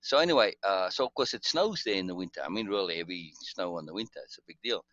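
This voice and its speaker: A man's voice: low voice, expressive, fast, fairly bright tone, dry recording, lo-fi sound. A man telling a long personal story in casual conversation, rambling with restarts and asides. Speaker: guest storyteller.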